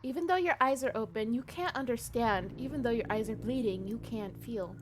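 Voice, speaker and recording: A woman's voice: on the high side, fairly quick, slight background noise. A woman streaming a game live, chatting casually and reading game text aloud.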